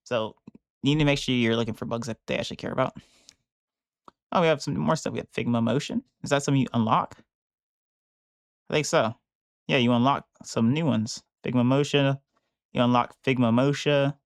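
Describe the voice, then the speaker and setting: A man's voice: medium pitch, steady tone, moderate pace, pauses often, dry recording. A man streaming a live work session, talking casually as he thinks aloud and rambles through restarts, close to his mic in a small room. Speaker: bug bounty hunter streaming a live session. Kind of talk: casual live-stream commentary while working. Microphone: close mic on a headset or desk.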